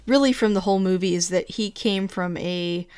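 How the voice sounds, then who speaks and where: A woman's voice: lowish voice, moderate pace, darkish tone, clean tone. Easygoing woman chiming into chat. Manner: easygoing, chimes in with short agreeing remarks. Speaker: podcast co-host. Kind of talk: casual chat.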